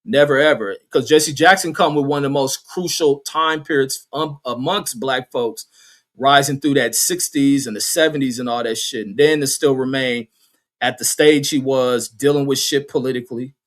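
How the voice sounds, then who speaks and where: A man's voice: mid-range voice, moderate pace. A man hosting a live stream, reading chat comments aloud and telling stories in loose, profane talk. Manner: loose storytelling, heavy swearing, acts out voices.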